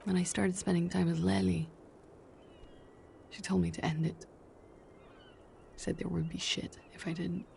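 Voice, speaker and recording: Cast: weary young fugitive, guarded and evasive, heavy vocal fry. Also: female voice, on the low side, level tone, a little slow, pauses often, a little hiss or hum. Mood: confessing. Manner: tired, guarded, quietly evasive. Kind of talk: video game voice acting.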